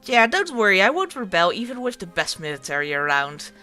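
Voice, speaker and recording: Bright-voiced excitable woman playing a game. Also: medium pitch, brisk, faint music behind. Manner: excitable, chatty, bursts into loud cheering. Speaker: gaming video creator. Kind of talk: let's play commentary.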